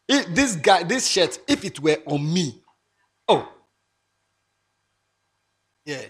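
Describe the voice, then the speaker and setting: Man, moral talk to students, lively swooping pitch, breathy husky voice. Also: slow pace, long pauses. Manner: animated, mixing English with local phrases, rising to emphatic shouts. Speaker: speaker addressing students. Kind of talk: moral talk to young people.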